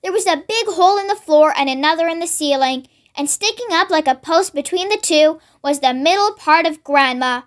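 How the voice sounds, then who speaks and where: A read-along narrator reading a children's story aloud in a steady, expressive way, then signing off to viewers. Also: very high-pitched, moderate pace, few pauses.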